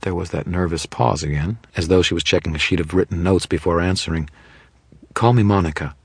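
A man reading a first-person audiobook narration in a wry, deadpan manner. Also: low-pitched, fast, vocal fry, breathy edge, no room sound.

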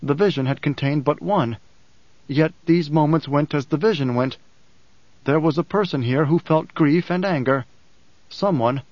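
A man narrating an audiobook in a measured, deliberate way. His voice sits a little high for a man. The sound is dry and close, with a slightly dull, muffled tone. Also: darkish tone, no echo.

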